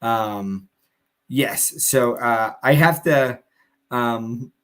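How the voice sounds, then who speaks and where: A man's voice: mid-range voice, very slow. A man on a live stream telling a long casual story, full of fillers and restarts, laughing now and then.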